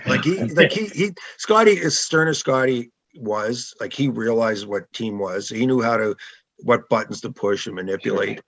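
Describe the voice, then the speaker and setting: A middle-aged man, a former goalie, telling stories in a relaxed podcast chat and laughing now and then. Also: mid-range voice, normal speed, creaky, no echo, dull audio. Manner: laid-back anecdotal, laughs often. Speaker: guest, former hockey goalie. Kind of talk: casual podcast storytelling.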